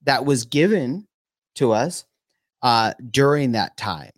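A man co-hosting a faith show, speaking casually with his wife in a halting way, often checking in with "right?". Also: medium pitch, expressive, dry recording, clean studio sound. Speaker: co-host of a faith teaching show.

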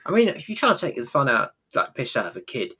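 A man's voice: medium pitch, wildly swooping pitch, quick pace, sharp tone, husky. A man co-hosting a podcast, chatting casually about a sitcom episode, laughing often and acting out its lines. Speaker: podcast co-host. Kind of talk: casual chat recapping a sitcom.

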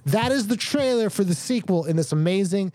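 Brief: male podcast co-host, fairly high but mellow voice, excitable and playful. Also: a little fast, no echo. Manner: enthusiastic, jokey. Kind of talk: casual chat.

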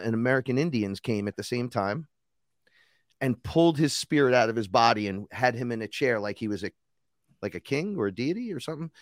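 A man's voice: medium pitch, no echo, studio quality. A man telling a long story in a casual conversation as a podcast guest, swearing freely and acting out other people's voices. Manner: animated, profane, acts out other people's voices. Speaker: podcast guest, rapper and shaman.

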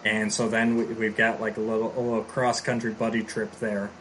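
A man's voice: lowish voice, little pitch movement, fairly quick, fairly bright tone, a little hiss or hum, rough recording. Rambling man recapping a story. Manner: rambling, many fillers and restarts.

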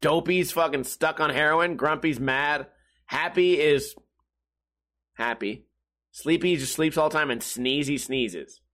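A man's voice: on the high side, unhurried, fairly bright tone. A man hosting a casual podcast from home, ranting and joking with lots of swearing and exaggerated storytelling. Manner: profane, joking, exaggerated storytelling with mock voices. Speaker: podcast host. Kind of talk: casual comedic podcast rant. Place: home room.

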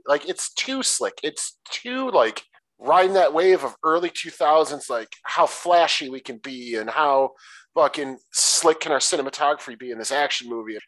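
A man from the Detroit area co-hosting a casual movie review podcast, talking in a blunt, animated and profane way. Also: fairly high pitch, no echo, low-quality recording. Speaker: podcast co-host.

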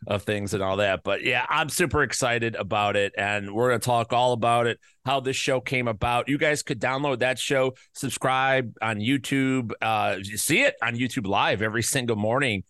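A male podcast host with a bright, forceful voice, recorded close and dry with no room sound. He rambles loosely and throws in crude jokes, and his voice sounds slightly worn from an illness he is getting over. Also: mid-range voice, moderate pace, few pauses, dry recording. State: recovering from covid, voice slightly worn. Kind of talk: casual podcast chat.

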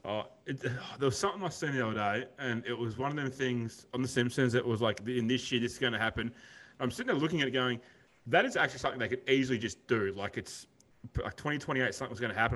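A man's voice: mid-range voice, fast, a bit bright. A man hosting a casual podcast, rambling and saying "mate" a lot. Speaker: podcast host.

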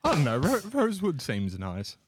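A man's voice: medium pitch, huge pitch swings, normal speed, background noise. An Australian man co-hosting a podcast, telling rambling jokes and laughing often in casual chat. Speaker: podcast co-host.

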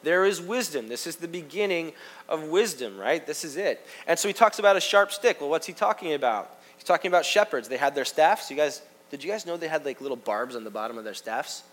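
Pastor, male, slightly high voice, animated sermon delivery, chatty with the congregation, drops to quiet asides. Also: brisk. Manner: animated preaching, swings from loud emphasis to hushed asides; conversational, addresses the congregation directly.

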